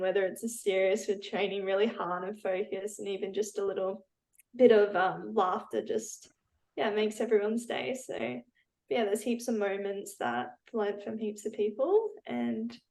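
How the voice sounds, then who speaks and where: A woman's voice: mid-range voice, fairly even intonation, measured pace, darkish tone, low-quality recording. A young woman, a football player at university, giving upbeat, chatty interview answers over a video call. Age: young adult. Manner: chatty and upbeat, with many "yeah"s and "and I think"s.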